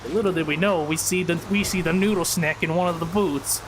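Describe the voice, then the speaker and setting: A man's voice: high-pitched, steady tone, fairly quick, hardly any pauses. A man streaming, casually telling a rambling story to his chat. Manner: rambling, restarts, addresses chat. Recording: air-conditioner hum behind.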